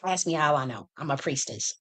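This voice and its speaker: A woman's voice: sits low, lively intonation, a little fast, fairly bright tone. Fiery, profane woman ranting on livestream. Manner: heated, profane, repetitive restarts. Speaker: livestream host. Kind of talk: impassioned political livestream rant. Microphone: streaming mic.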